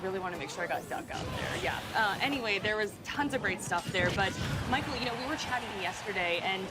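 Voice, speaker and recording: A woman's voice: medium pitch, lively intonation, quick pace. A woman hosting a gaming livestream, bubbly and giggly as she reads sponsor lines and hands off to guests. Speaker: livestream host. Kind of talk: casual hosting chat. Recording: loud music bed under the voice.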